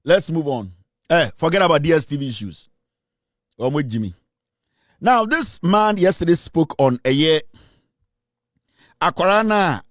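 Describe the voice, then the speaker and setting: Lively Ghanaian man with a high voice. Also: a little slow, long pauses, dry recording, clean studio sound. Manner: animated, mixes English with Twi, laughs often. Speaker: show host. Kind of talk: comic political commentary.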